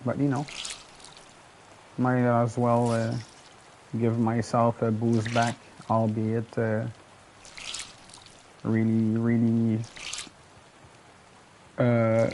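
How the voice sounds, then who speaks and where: A man's voice: medium pitch, level tone, extremely slow, pauses often, mellow, a little hiss or hum. A French Canadian man whose first language is French, giving chatty, rambling gameplay commentary with casual swearing. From Quebec, Canada. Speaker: gaming channel host.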